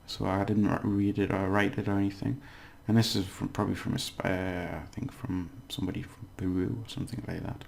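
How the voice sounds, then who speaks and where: A man giving a casual language lesson, explaining slowly and repeating words, with many fillers. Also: fairly low pitch, little pitch movement, vocal fry, darkish tone. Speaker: language teacher.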